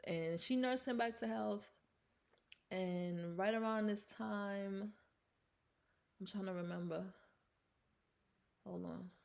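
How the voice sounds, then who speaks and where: Slow and gravelly, with long pauses and a slightly mellow quality, this medium-pitched woman is a film reviewer walking through a movie's plot in a relaxed vlog. She chats along with fillers and restarts, dramatizing the characters' lines.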